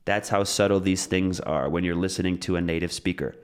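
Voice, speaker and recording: Deep-voiced man teaching pronunciation. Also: fairly quick, few pauses, clear, resonant tone. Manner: relaxed, explains with examples and repeats phrases. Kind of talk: casual spoken lesson.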